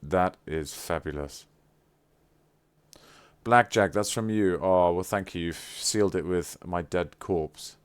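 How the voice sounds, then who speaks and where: A man's voice: sits low, slow, clean tone. A man chatting casually on a live stream, effusive and playfully teasing. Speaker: livestreamer.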